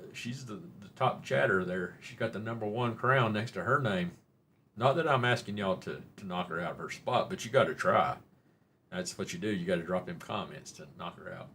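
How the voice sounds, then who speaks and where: A man with a Southern Oklahoma drawl hosts a loose live stream chat, wandering from topic to topic and teasing his viewers in a folksy way. His voice sits a little low. A faint hum of noise runs underneath. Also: fairly bright tone. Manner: rambling and folksy, jokes with chat, says y'all.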